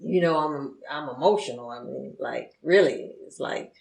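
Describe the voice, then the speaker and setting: A man co-hosting a casual chat, calm and wry with short replies. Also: fairly high pitch, moderate pace, vocal fry. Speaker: co-host. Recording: roomy room echo.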